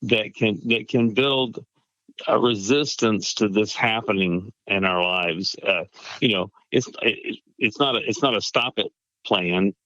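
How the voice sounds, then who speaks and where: Male pastor, reflective conversationalist, low voice, slightly muffled dry audio. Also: measured pace, sharp tone, dry recording. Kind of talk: casual chat.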